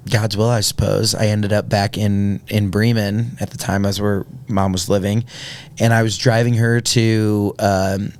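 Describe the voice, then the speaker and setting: A man's voice: lowish voice, little pitch movement, unhurried, a little mellow. A man, telling a personal story earnestly on a podcast, with many fillers and restarts. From Indiana, USA. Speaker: podcast guest. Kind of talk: casual storytelling.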